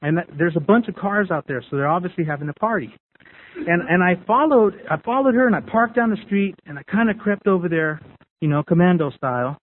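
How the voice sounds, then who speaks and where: A man's voice: sits high, lively intonation, a little fast. A man candidly sharing his recovery story with a group, talking in a repetitive, storytelling way. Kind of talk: personal testimony to a group. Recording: tinny phone-like radio sound.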